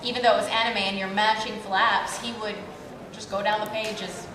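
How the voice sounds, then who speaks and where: A woman's voice: medium pitch, steady tone, fairly quick, far from the mic. A female voice actor chatting on a convention panel, giggly and talkative. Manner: chatty, giggly, does accents. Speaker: voice actress guest. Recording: echoey room with crowd noise.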